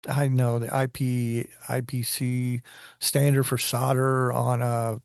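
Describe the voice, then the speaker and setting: A man's voice: mid-range voice, flat delivery, takes it slowly, vocal fry, darkish tone, dry recording, clean studio sound. A man in casual technical conversation, rambling and restarting his sentences as he explains engineering ideas.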